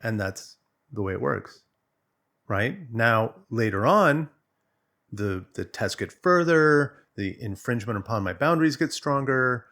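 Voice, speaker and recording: A man's voice: fairly low pitch, a bit bright. A man working as a relationship coach, explaining in a loose, conversational way and telling stories with animation. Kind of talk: casual explanatory monologue.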